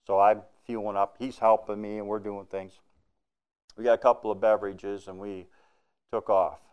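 A man who drives a truck, telling a personal faith testimony in a folksy way with plain, nonstandard grammar. His voice climbs and gets loud at the exciting moments. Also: moderate pace, smooth, dull audio. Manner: grows loud and excited at the high points.

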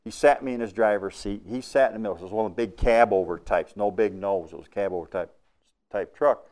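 A man with a fairly low voice recounts a testimony of faith from life on the road as a truck driver. He talks in a plain, folksy way with everyday grammar slips, and he turns loud and eager whenever the story hits its big moments. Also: fairly quick. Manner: grows loud and excited at the high points. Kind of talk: spoken personal faith testimony.

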